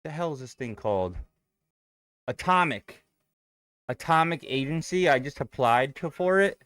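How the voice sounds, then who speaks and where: A young man talks loosely into a close desk mic, thinking aloud and cursing as he goes. His pitch swings around a lot, and the sound is dry and close. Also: expressive, a little fast, a bit bright, smooth, no room sound. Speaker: day trading streamer. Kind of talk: casual live-stream chat, reading viewer comments.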